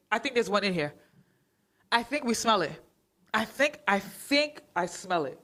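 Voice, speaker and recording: A woman hosting a casual livestream on her phone, talking in a sarcastic, exclamatory and animated way. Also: mid-range voice, unhurried, pauses often. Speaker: livestream host.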